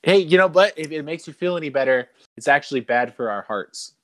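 A man's voice: a little high, animated, fairly quick, fairly bright tone. A man co-hosting a casual chat, joking and laughing easily, often poking fun at himself. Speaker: podcast co-host.

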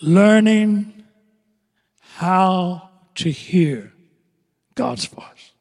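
Older male pastor, high voice, dramatic sermon delivery, loud-to-hushed swings. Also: expressive, unhurried. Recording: long echoing hall reverb.

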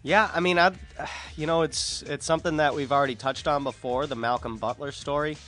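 A man's voice: a little high, steady tone, brisk, sharp tone, soft background music. A man co-hosting a podcast, talking in an opinionated, exasperated way. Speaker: podcast co-host. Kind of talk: casual chat.

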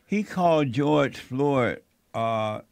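A man's voice: medium pitch, expressive, drawn-out words, vocal fry, darkish tone, no room sound. A man hosting a talk radio show, bantering with his guests and laughing between lines.

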